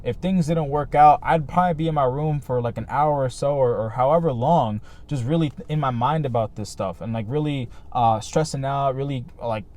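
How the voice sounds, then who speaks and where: A male vlogger chats casually to camera, earnest and rambling, full of fillers and "right?" tags. His voice is mid-range and darkish, at a normal speed with few pauses.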